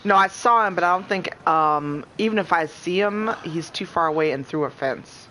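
A man chatting casually while streaming a co-op game, excitable, laughing often and swearing freely. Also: a little high, normal speed, a little hiss or hum. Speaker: gameplay streamer. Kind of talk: casual co-op gameplay chat.

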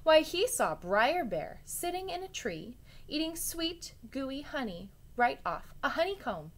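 Slow, expressive teacher reading aloud. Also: female voice, sits high. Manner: expressive, with chatty asides to children. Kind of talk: reading a story aloud to students.

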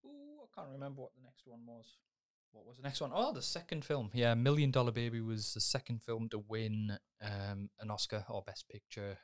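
A man's voice: mid-range voice, moderate pace. A man co-hosting a film podcast, telling stories animatedly and laughing as he chats casually. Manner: animated storyteller who laughs and acts out scenes. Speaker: podcast co-host. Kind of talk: casual chat about films.

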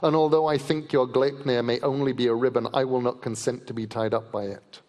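A man's voice: mid-range voice, steady tone, a little fast, darkish tone, natural voice. A man reading aloud and voicing a huge, proud male wolf who is suspicious and scornful, speaking in a growling, defiant way. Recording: long reverb of a large festival hall.

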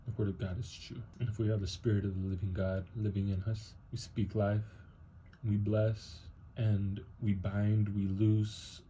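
Man, emotional, earnest testimony, low dark voice, flat delivery, faint hiss. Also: moderate pace, rough recording. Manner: earnest, preacherly, quotes scripture. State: emotional, heavy-hearted. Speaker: Christian video testimony speaker.

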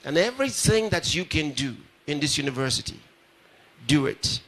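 A man's voice: fairly high pitch, sing-song, normal speed, a bit bright. A pastor addressing a live audience at a ceremony, repeating his phrases and putting questions straight to the crowd. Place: large ceremony hall.

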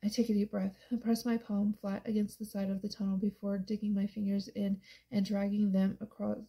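A woman reading a first-person novel aloud, soft and intimate, at times near a whisper. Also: medium pitch, little pitch movement, brisk, poor audio. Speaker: audiobook narrator. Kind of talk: first-person audiobook narration.

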